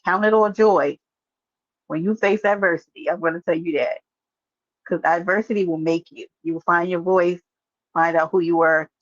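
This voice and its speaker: A woman chats casually on her livestream, teasing and answering viewers by name as they write in. Her voice sits at an ordinary pitch. The sound is dull and lo-fi, with a dry, close room. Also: steady tone, normal speed, no echo. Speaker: livestream host. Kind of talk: casual live-stream chat.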